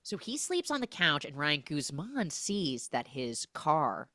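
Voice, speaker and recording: A young adult woman hosting a podcast, recapping a film in a casual, animated storytelling way. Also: deep voice, unhurried, no echo, studio quality. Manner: animated storytelling, acting out characters. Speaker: podcast host.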